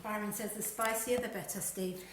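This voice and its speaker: A woman's voice: mid-range voice, fairly even intonation, normal speed, roomy sound, heavy background noise. A woman reading out viewer comments during a live cooking stream, speaking from off to the side. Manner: reads comments aloud, off to the side.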